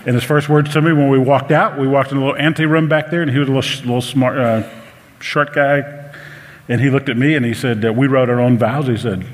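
A man's voice: mid-range voice, fairly even intonation, brisk. A man, preaching a sermon in a church and telling personal stories with earnest, emotional restarts. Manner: earnest storytelling, emotional, some stammered restarts. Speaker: pastor. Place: church sanctuary. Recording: live sermon with long hall reverb.

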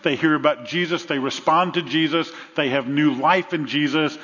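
A man's voice: fairly high pitch, normal speed, a bit bright. A man preaching a sermon as pastor, earnest and fond of repeating phrases in threes. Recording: long reverb, dull lo-fi sound.

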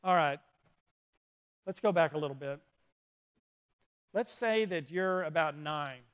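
In an indoor room with an audience, a youth pastor preaches to young people in a fairly high voice at a slightly slow pace. He tells stories with animation and directly urges those listening.

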